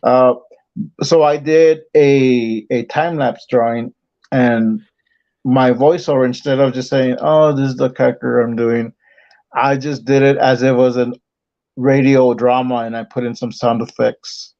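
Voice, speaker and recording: A man calling in to a livestream who chats casually and haltingly about his comic project. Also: medium pitch, steady tone, a little mellow, dull audio. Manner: halting, many fillers and restarts. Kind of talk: casual chat on a call.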